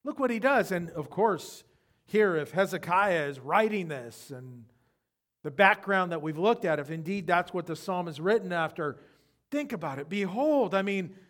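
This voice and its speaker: Pastor guy preaching, high voice, goes quiet then real loud and fired up. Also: expressive, normal speed. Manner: impassioned preaching, swinging from hushed to loud. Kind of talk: sermon.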